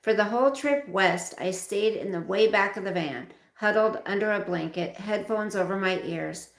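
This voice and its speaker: A woman's voice: mid-range voice, normal speed, vocal fry, roomy sound. A woman hosting a livestream and reading a memoir aloud, breaking off now and then to speak directly to her viewers.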